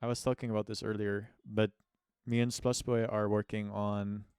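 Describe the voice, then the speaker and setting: A man's voice: fairly low pitch, little pitch movement, normal speed, a little mellow, clean tone, dry recording, studio quality. Rambling, self-mocking male streamer. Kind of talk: casual live-stream chat.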